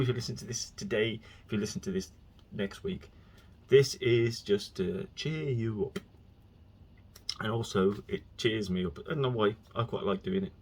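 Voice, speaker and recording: Male podcast host, husky voice, loose chatty monologue with bursts of exasperation. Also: fairly low pitch. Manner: rambling, chatty, breaks into exasperated rants. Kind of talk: casual solo podcast rambling.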